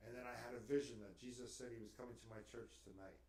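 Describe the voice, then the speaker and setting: A man's voice: mid-range voice, fairly even intonation, fast, darkish tone, close to an everyday voice. A man quoting a humble, earnest old man. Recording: roomy, distant mic.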